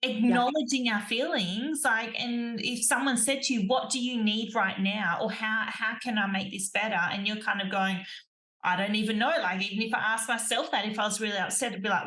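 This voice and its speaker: A woman's voice: fairly high pitch, fairly even intonation, normal speed, bright, forceful tone. A woman hosting a podcast, chatting casually and agreeing often, with a lot of "like" in her talk. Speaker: podcast host. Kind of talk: casual chat. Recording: echoey room.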